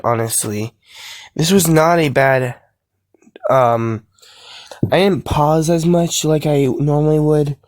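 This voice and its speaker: A man hosting a reaction video, giving relaxed, rambling commentary. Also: mid-range voice, dry recording.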